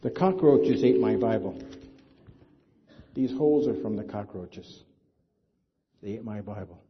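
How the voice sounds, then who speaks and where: A man's voice: fairly low pitch, measured pace, breathy edge. A man preaching a sermon as pastor, talking conversationally and asking the congregation rhetorical questions. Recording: dull lo-fi sound.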